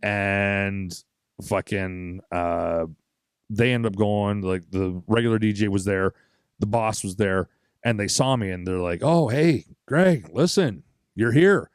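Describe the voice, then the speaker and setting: A man's voice: sits low, steady tone, measured pace, smooth, dry recording, studio quality. A young man co-hosting a podcast, telling a long story in a casual, profane way and acting out other people's lines. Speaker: podcast co-host.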